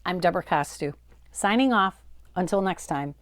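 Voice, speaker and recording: A woman's voice: on the low side, animated, moderate pace. A woman working as a dementia care coach, giving advice straight to her viewers in an emphatic, coaxing way and repeating phrases for stress. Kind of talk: direct-to-camera advice talk.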